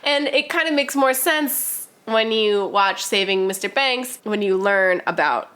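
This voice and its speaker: A woman's voice: mid-range voice, a little slow, bright, forceful tone. A woman co-hosting a podcast, talking casually about a film, filling her speech with "like". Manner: chatty, heavy use of "like", acts out quotes. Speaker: podcast co-host.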